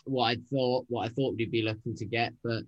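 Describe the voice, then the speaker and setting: A man's voice: mid-range voice, steady tone, a little fast, muffled recording. A man, a regular on a football podcast, talking loosely with repeated words and hedges. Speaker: podcast regular, transfer pundit. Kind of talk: casual football podcast chat.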